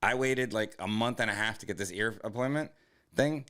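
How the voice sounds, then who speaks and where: A man co-hosting a comedy podcast, joking with heavy swearing and quick interjections. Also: fairly low pitch, fairly bright tone. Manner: profane, quick jokey interjections. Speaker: podcast co-host. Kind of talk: casual comedy chat.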